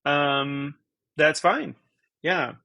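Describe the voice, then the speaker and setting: A man's voice: on the high side, extremely slow, creaky, bright, forceful tone, no echo. A man in his thirties, a guest on a podcast, chatting casually in a rambling, stop-start way. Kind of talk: casual conversation.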